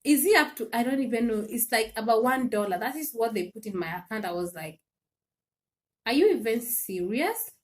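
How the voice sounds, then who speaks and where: A woman hosting a casual livestream, telling an animated story with laughs and repeated phrases. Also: on the high side, quick pace, few pauses. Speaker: live stream host. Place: home in Sweden.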